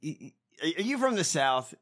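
A man's voice: on the high side, big pitch swings, normal speed, fairly bright tone. Profane, ranting man in a casual chat. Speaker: podcast co-host.

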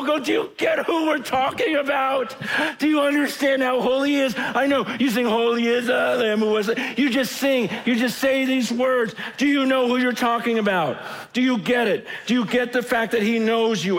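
A man preaching an impassioned sermon, moving from loud outcries to low, intimate asides.

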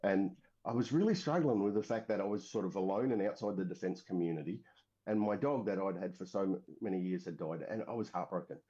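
Deep, fast, and dark-toned, the voice belongs to a middle-aged Western Australian military veteran. His story comes out casual and rambling, packed with fillers and restarts, captured in dull lo-fi sound.

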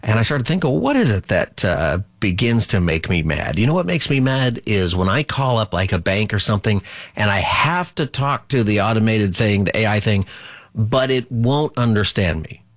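A man's voice: on the low side, lively intonation, normal speed, no echo, studio quality. A middle-aged man hosting a call-in radio talk show, chatty and rambling, often laughing.

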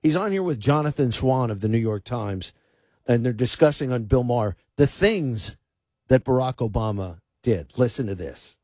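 A male radio host with a somewhat husky voice delivers pointed political commentary. His speech is emphatic, with restarts and repeated words. The sound is close and dry. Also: mid-range voice, expressive, moderate pace, dark tone, dry recording. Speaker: fill-in radio talk host.

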